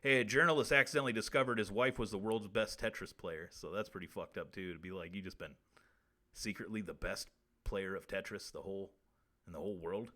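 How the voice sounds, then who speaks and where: A man's voice: sits low, a little fast, sharp tone. A man hosting a comedy show, ranting crude facts and swearing constantly. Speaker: host. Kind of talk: profane comedic fact monologue.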